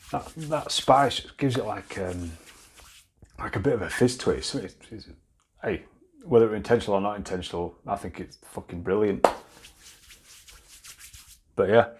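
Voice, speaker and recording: A man's voice: deep voice, darkish tone, slight background noise. A man with a Yorkshire accent reviewing a beard product in a casual, blunt, chatty way, swearing freely and restarting his sentences. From Yorkshire, England.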